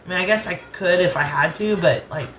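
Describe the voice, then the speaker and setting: A woman's voice: fairly low pitch, fairly quick, a bit bright, echoey room, a little hiss or hum. An American woman with a rural Southern accent, chatting casually and rambling as she cooks in her home kitchen, laughing easily. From United States. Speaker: cooking channel host.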